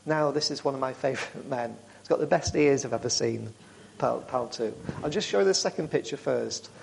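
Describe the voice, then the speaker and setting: A man speaking to a church group, telling warm, rambling stories with frequent restarts. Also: mid-range voice, brisk, creaky, slight background noise. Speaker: charity speaker.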